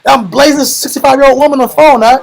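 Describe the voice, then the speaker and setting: A young man preaching a lively, slangy sermon, animated and calling the room bro. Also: very high-pitched, rapid-fire, gravelly, low-quality recording. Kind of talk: lively street-style sermon.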